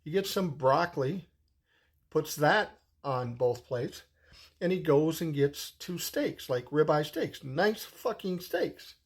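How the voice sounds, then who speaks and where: A man's voice: on the high side, lively intonation, slow pace. A man in his sixties telling a personal story in a casual, rambling way, swearing freely as he goes. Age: 60s. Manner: profane, rambling, conversational.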